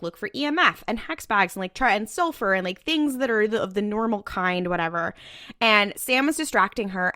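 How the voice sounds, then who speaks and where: A woman's voice: medium pitch, sharp tone, no echo, clean studio sound. A woman co-hosting a podcast, recapping an episode in a breezy, profane way with lots of filler words. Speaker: podcast co-host. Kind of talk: casual rewatch podcast chat.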